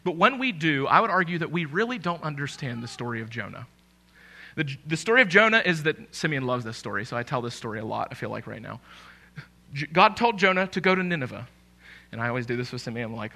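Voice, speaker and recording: A man preaching a sermon as pastor, conversational and animated, with emphatic rises. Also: on the high side, fast, vocal fry.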